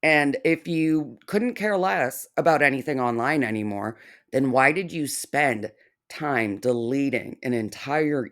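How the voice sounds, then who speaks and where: A woman commentator reacting to a clip, sarcastic and swearing freely. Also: a bass voice. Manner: sarcastic, profane, slow and deliberate.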